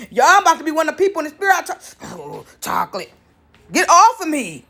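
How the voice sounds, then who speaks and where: A woman in a casual, animated monologue, acting out other people as she tells stories. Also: extremely high pitch, fairly quick. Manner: animated storytelling, mimics others.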